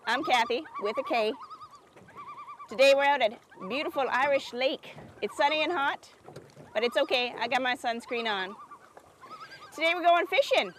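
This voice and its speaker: Actress as a perky craft-show host, high, folksy and sugary; outdoors by a lake. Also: female voice, lively intonation, normal speed, long pauses, background noise. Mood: cheery. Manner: chirpy, folksy and sugary, keeps asking "isn't that sweet". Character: perky, oblivious small-town woman who hosts a craft show. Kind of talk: comedic public-access TV hosting.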